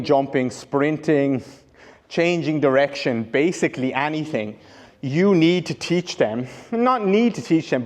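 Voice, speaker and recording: A man's voice: on the high side, darkish tone. A male rehab coach giving an instructional demonstration, explaining step by step and correcting himself as he goes. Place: training room with a whiteboard. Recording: long reverb in a large room.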